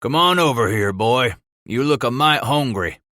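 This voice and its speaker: A man voicing a friendly head oarsman on a river flatboat, speaking folksy with a Kentucky accent. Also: mid-range voice, moderate pace, no room sound, studio quality.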